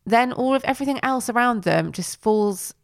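Gravelly-voiced woman chatting about a film. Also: on the high side, expressive, normal speed, no room sound, studio quality. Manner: chatty, rambling with many likes. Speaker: podcast co-host. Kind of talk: casual film review chat.

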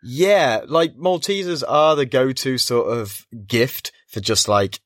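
A man's voice: mid-range voice, animated, slow, no room sound, studio quality. A man co-hosting a podcast, chatting casually and acting out characters' lines as he retells scenes. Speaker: podcast co-host.

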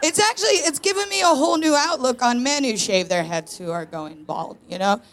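Casual: woman in her 30s, stand-up set, frank and self-deprecating, bit of a high voice. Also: expressive, fairly quick, a bit bright, slight background noise. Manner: frank, self-mocking, chatty with fillers. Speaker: stand-up comedian and co-host. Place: live stage in a tent before an audience.

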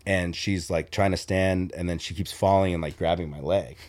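This man's voice sits low and moves at a moderate pace. As a podcast co-host, he retells a story casually and with plenty of swearing, looping back on himself and scattering "like" throughout.

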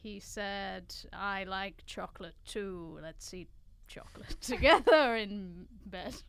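A woman voicing a slow, dim male Irish hitman in a put-on Irish accent for a comic script read-through. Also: mid-range voice, gravelly, a bit bright, clear, resonant tone, voice pushed down. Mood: dopey. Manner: slow, dopey line reading with giggles.

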